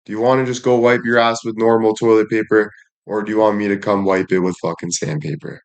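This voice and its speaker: A man's voice: fairly low pitch, flat delivery, fast talker. A young man ranting bluntly at his viewers with heavy swearing and repeated catchphrases. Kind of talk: profane rant to viewers.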